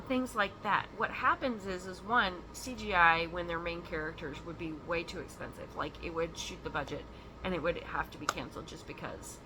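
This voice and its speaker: A woman's voice: fairly low pitch, bright, forceful tone, slight background noise. A woman hosting a stitching vlog from home, chatting casually and rambling with frequent ums and laughs. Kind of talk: casual chat.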